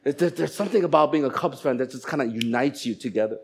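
A man preaching a sermon, animated and humorous, acting out quoted voices of people for laughs. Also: mid-range voice, fast talker, vocal fry, husky. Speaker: pastor.

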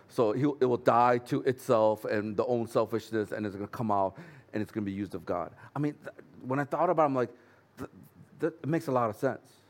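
A man's voice: mid-range voice, brisk. A man pastor preaching a sermon in an earnest, conversational way with light humorous asides.

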